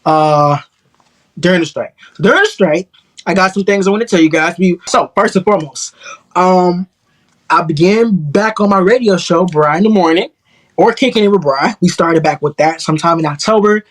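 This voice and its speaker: A man's voice: sits high, moderate pace. A man hosting a talk show, giving an upbeat, chatty opening monologue straight to the audience. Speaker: talk show and radio host.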